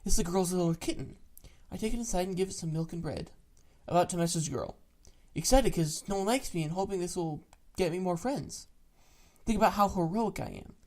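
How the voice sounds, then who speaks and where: Deadpan narrator reading greentext stories. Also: medium pitch, brisk. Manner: deadpan, matter-of-fact, casual swearing. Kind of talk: reading internet stories aloud.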